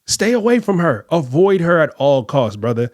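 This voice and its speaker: A man's voice: fairly high pitch, very animated, normal speed, a little mellow, no room sound, clean studio sound. A man hosting a podcast who comments on clips and speaks straight to viewers. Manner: direct, addresses viewers as fellas and ladies. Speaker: podcast host.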